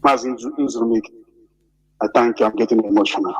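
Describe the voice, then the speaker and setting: A man giving an impassioned radio appeal, speaking slowly and emphatically, repeating his pleas and rising in pitch as he urges listeners. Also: breathy edge, recorded from a distance, rough recording. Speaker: guest speaker on a call-in radio broadcast.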